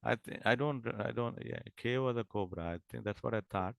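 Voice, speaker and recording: A man's voice: medium pitch, gravelly, no room sound. A man lecturing a class, often stopping to ask whether students follow and restarting his sentences. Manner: repeats and checks understanding, halting restarts.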